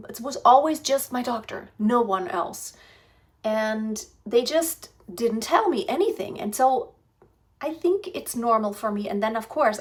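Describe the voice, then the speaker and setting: A woman in her fifties telling a rambling personal story, talking casually into a phone propped in front of her, with many fillers and restarts. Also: on the high side. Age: 50s. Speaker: vlogger. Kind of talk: casual pregnancy vlog storytelling. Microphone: phone propped on a stand.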